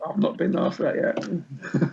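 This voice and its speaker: A man's voice: high voice, slow, vocal fry, darkish tone, a little hiss or hum. A man and musician guest chatting casually on a podcast, laid-back, swearing freely and laughing often. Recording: dull lo-fi recording.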